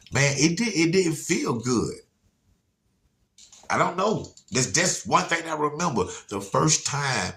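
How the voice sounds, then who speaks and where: A man's voice: medium pitch, a bit bright. A man telling a personal story to viewers in a casual, slangy way, repeating words and laughing now and then.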